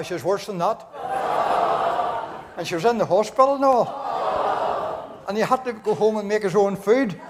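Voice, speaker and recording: Northern Irish man, higher voice, warm live comic storyteller who chuckles along. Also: a little hiss or hum. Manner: chatty, laughs at his own jokes, rambling. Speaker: comedian at a concert. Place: church, live concert.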